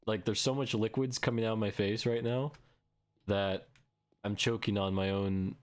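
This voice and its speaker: A man's voice: fairly low pitch, steady tone, moderate pace. A man streaming a co-op game in casual chat, goofy and laughing often, sick with a sore throat and a runny nose. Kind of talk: casual chat while gaming.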